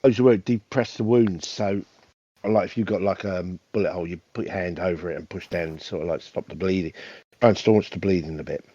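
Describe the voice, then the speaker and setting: A man's voice: low-pitched, fairly quick, dark tone, slightly rough, no room sound. A man playing a tabletop game over a call, joking and stumbling through restarts. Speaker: player. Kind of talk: casual game chat, playing his character. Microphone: voice call headset. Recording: dry, slightly dull online call audio.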